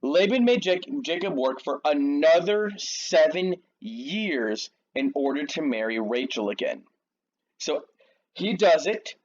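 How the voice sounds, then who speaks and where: A man's voice: a little high, expressive, slow pace, dull audio. A man casually retelling a Bible story in a slangy, jokey, conversational way to a young audience. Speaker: youth storyteller.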